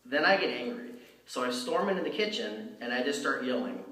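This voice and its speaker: A man speaks at a middle pitch, heard from some way off the mic. The room around him is roomy and echoing, as in a church hall. He tells his story loosely and conversationally, with fillers and restarts. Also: animated, fairly quick, a bit bright. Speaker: lay speaker giving a dharma talk. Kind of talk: personal storytelling talk. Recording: roomy, from far off.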